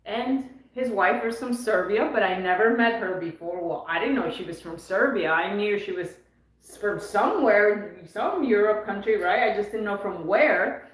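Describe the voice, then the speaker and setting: Animated woman telling a story, echoey room. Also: medium pitch, normal speed. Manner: animated, acts out quoted voices. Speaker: co-host of a tennis channel. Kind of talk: casual storytelling.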